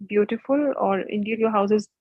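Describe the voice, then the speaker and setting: A woman's voice: medium pitch, brisk, no room sound, lo-fi sound. Hesitant woman student asking. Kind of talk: asking in an online class.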